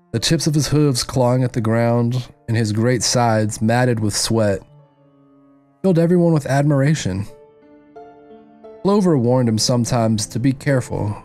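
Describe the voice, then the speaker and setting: A man hosting a podcast, reading a novel aloud at a measured pace and breaking off for loose, profane comments. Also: medium pitch, darkish tone. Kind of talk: book reading with casual commentary.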